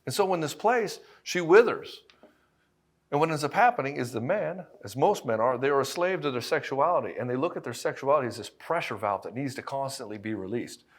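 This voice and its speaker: A man's voice: medium pitch, lively intonation, brisk. Blunt, swearing man coaching husbands. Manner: blunt, profane and emphatic, addressing the listener directly. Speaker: relationship coach. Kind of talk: direct-to-camera monologue.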